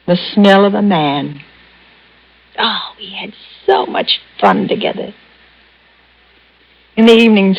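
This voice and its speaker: Lovesick troubled lady patient, talks slow, husky, old radio play sound. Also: mid-range voice. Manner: bitter, mocking, then pleading and sobbing. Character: unstable, lovesick woman patient in therapy. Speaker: psychiatric patient. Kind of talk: 1950s radio drama acting. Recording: muffled old radio broadcast.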